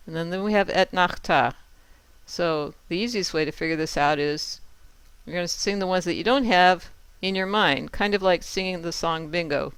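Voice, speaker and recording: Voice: mid-range voice, normal speed, fairly bright tone, clear, resonant tone, dry recording. A patient teacher explaining Torah cantillation step by step and chanting each example aloud. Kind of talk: step-by-step lesson with sung examples.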